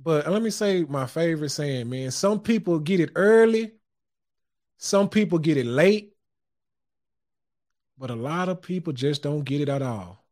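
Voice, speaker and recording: High-voiced man preaching casually. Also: lively intonation, a little slow, long pauses, darkish tone. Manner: loose, preachy, chuckles often, curses casually. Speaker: podcast host. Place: home studio.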